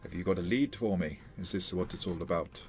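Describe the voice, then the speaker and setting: A man's voice: deep voice, brisk, a little hiss or hum, lightly acted. A man voicing a pushy, sleazy male newspaper editor who bargains for information, in a put-on accent, in a tabletop game. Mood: guarded.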